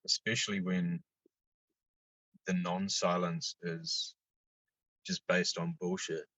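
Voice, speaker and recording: A man chatting casually as a podcast guest, laid-back, swearing freely and getting lively when he tells stories. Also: low-pitched, takes it slowly, no room sound, low-quality recording. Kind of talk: casual chat.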